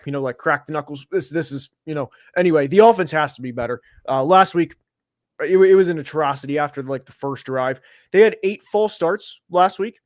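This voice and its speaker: A man co-hosting a casual football podcast, talking fast with lots of fillers and getting openly worked up about play calls while seated. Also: a little high, no room sound, studio quality. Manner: animated, gets worked up, many fillers. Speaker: podcast co-host. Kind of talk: casual sports podcast analysis. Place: seated at home studio.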